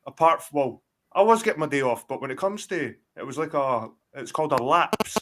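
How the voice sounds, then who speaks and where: A man's voice: a little high, animated, brisk, a bit bright. A Scottish man in his forties, a guest in a casual chat, telling rambling, profane stories full of restarts over a video call. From Scotland. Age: 40s.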